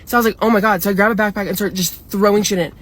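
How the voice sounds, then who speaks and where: A woman's voice: medium pitch, fairly even intonation, racing. A young woman telling a storytime in a casual, upset and rambling way, swearing a lot. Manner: upset, rambling, heavy swearing, many "like" fillers.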